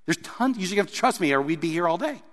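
A man preaching a sermon, reading scripture aloud and explaining it with animated emphasis. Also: high voice, fast, long reverb tail. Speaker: pastor.

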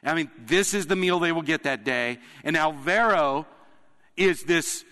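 A man preaching a sermon as pastor, telling stories earnestly with emphatic pauses. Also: fairly high pitch, expressive, bright, forceful tone. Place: church sanctuary. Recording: long reverb of a large hall.

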